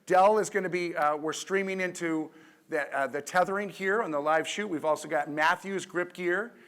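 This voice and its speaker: Male emcee, expo stage, eager, restarts, slightly high voice. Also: fairly bright tone. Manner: enthusiastic, halting with restarts. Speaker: MC of the presentation room. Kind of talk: stage introduction. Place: expo stage before an audience.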